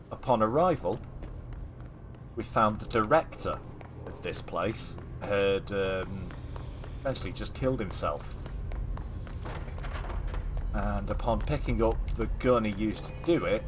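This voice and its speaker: A man with a Mancunian accent giving relaxed, rambling commentary while streaming a video game, his voice a little tired. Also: lowish voice. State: slightly tired voice. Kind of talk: casual gameplay commentary.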